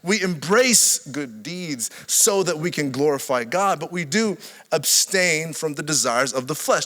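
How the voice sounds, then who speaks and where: A middle-aged man, a pastor, preaching a sermon and telling stories, swinging from hushed lines to loud, laughing ones. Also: fairly high pitch, lively intonation, unhurried. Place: large church hall. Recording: long hall reverb.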